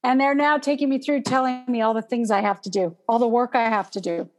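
A woman telling a personal story in casual conversation, animated and acting out gasps as she goes. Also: on the high side, fairly quick. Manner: animated, acts out gasps and panicked breathing.

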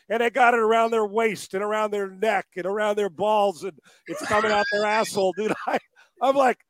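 A man's voice: sits high, fairly quick, no room sound. A man who trains quarterbacks, telling stories in casual chat, swearing often and laughing as he goes. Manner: profane, animated storytelling with laughs.

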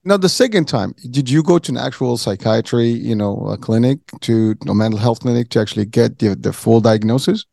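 A man hosting an interview in a gravelly, mellow voice, recorded dry and close. His questions ramble, and he restarts and rephrases them several times. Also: mid-range voice, brisk, hardly any pauses, dry recording. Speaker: interviewer, host. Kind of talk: conversational interview.

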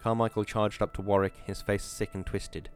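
Audiobook narrator, man, low voice, steady and measured, faint music under. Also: clear, resonant tone.

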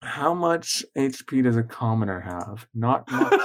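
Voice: medium pitch, big pitch swings, a little slow. A game master casually narrating a tabletop game, hesitant and prone to fillers.

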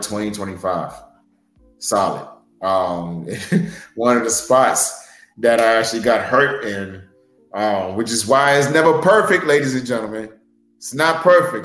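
A man's voice: lowish voice, a bit bright, echoey room, poor audio. A man, a pro wrestler, telling stories about a match in an earnest, rambling way full of fillers on a podcast. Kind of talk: podcast interview storytelling.

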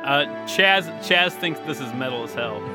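A man playing a tabletop game with a dry, deadpan humor. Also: mid-range voice, normal speed, over music. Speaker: player. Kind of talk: casual tabletop play.

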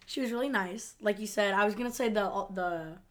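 A woman chatting casually as a podcast co-host, quick to laugh and agree while recapping a TV episode. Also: mid-range voice.

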